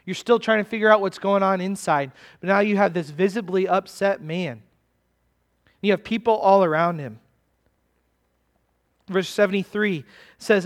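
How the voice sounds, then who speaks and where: A pastor with a high-sitting voice speaks at a measured pace with long pauses. His conversational expository sermon goes through a text verse by verse, repeatedly putting questions to his listeners.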